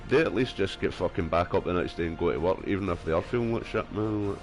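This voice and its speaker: Young male streamer with a lowish voice: loose, sweary, filler-heavy chat. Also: fast talker, over music. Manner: rambling, sweary, full of fillers. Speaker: gaming streamer. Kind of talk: casual chat while gaming.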